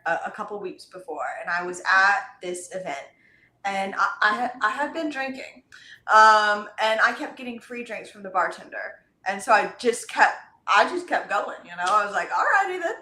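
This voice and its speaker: A woman in her twenties, a singer, telling stories in a casual interview, animated and giggly, heard over a video call in an echoey room. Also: mid-range voice, moderate pace. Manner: animated, giggly, quotes herself in voices. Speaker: singer guest.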